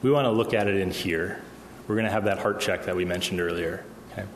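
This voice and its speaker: Fast and low-pitched, this pastor preaches conversationally in a church hall, regularly asking the congregation "okay?" The hall is echoey with a long reverb, and the audio has a little hiss or hum.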